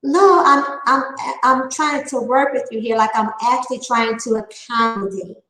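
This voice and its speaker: A woman's voice: fairly bright tone, reverberant, rough recording. A woman with a Southern twang, talking defiantly and emphatically to her viewers in a casual vlog. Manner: fast, high-pitched twangy talk, defiant and emphatic. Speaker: channel host.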